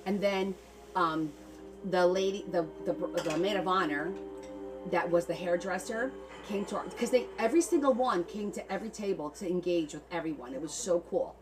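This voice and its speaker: A woman's voice: on the low side, normal speed, distant mic, over music. A woman hosting a casual craft livestream from her kitchen, chatting and rambling through stories as she goes. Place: home kitchen.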